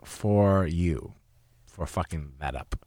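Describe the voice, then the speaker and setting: Podcast co-host, low voice, dry close sound, teasing banter. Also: male voice, takes it slowly, darkish tone, no room sound. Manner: teasing, reads sponsor ads.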